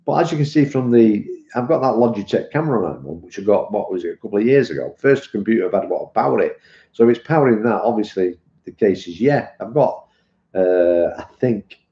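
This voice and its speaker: A man's voice: fairly low pitch, dark tone. A middle-aged British man chatting casually on a live stream, rambling and calling viewers "mate". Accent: British English. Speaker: vape reviewer and live streamer. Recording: muffled, echoey room.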